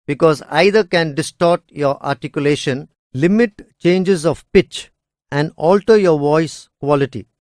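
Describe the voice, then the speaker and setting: A man reading educational course material aloud in a measured, deliberate way. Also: fairly high pitch, dry recording, clean studio sound. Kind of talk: scripted educational narration.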